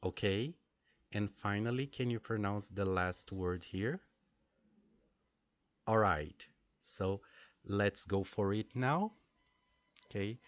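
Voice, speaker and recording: Slow, deliberate male English teacher. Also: sits low, no echo. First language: not English. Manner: slow and deliberate, repeats words for drilling. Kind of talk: pronunciation lesson.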